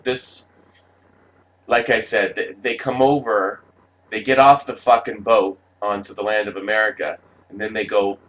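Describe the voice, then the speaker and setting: A man's voice: lowish voice, fairly bright tone, low-quality recording. A man delivering a rambling, profane ranting monologue as a vlogger, with many restarts.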